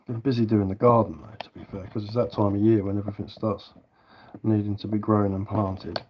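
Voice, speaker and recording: A man with a southern English accent talks in an easy, rambling way on a live stream, replying to viewers as he works. His voice sits on the low side. Faint clicks and scraping from his carving tick along under his talk. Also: a little fast, slight background noise. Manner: relaxed, rambling, answers viewer comments while working. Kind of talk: casual live-stream chat.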